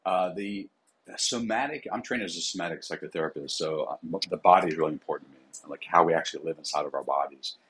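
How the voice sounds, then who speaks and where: A man's voice: low voice, fast talker, fairly bright tone, slightly rough, rough recording. A man, a psychotherapist and coach, talking casually in a podcast interview, with many fillers.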